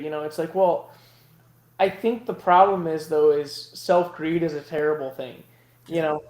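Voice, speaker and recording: Guy rambling on a livestream, kinda high voice, lots of "like", echoey room. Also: steady tone, measured pace. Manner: rambling, many fillers and restarts. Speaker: guest vending creator. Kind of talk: casual livestream chat.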